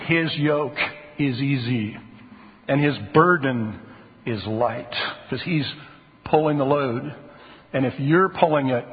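A man preaching a sermon as a pastor, earnest and pressing harder on key phrases. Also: medium pitch. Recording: tinny phone-like sound in a reverberant hall.

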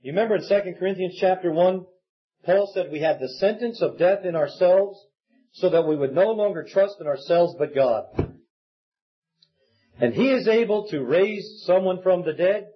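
Male pastor, high husky voice, earnest sermon delivery, dull lo-fi recording. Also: moderate pace. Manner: earnest preaching, acts out quoted pleas.

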